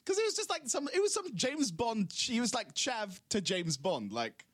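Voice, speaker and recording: A man's voice: extremely high pitch, very animated, fairly bright tone, no echo. A young man, arguing his opinions in a casual podcast chat. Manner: opinionated, quick to argue. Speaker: podcast co-host.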